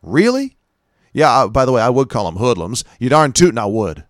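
A man's voice: mid-range voice, expressive, quick pace, no echo, studio quality. A man hosting a commentary show who reads an article aloud and then comments with emphatic, sarcastic asides to his listeners.

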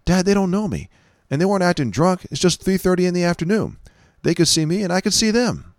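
A man's voice: high voice, lively intonation, fast talker, no echo, studio quality, voice pushed up. A man voicing an anxious fifteen-year-old boy who rambles out worried questions. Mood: shaken.

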